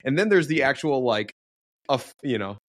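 A man's voice: mid-range voice, expressive, moderate pace, no echo, studio quality. A man hosting a podcast in casual chat, laughing often and rambling with restarts. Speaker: podcast host.

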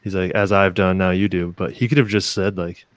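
Deep-voiced man, dry close sound. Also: flat delivery, fairly quick, no echo. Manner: earnest, reflective. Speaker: podcast co-host. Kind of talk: casual faith chat.

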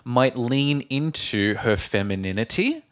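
A man co-hosting a casual podcast, explaining phrases slowly and with lots of examples. His pitch swings widely, giving him an animated, expressive sound at a middling pitch. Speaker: podcast co-host.

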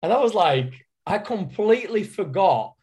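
A man's voice: high voice, very animated, normal speed, a little mellow. A man from the north of England with a Northern English accent, a fitness coach co-hosting a podcast and chatting enthusiastically. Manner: chatty, enthusiastic, laughs easily. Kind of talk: casual chat.

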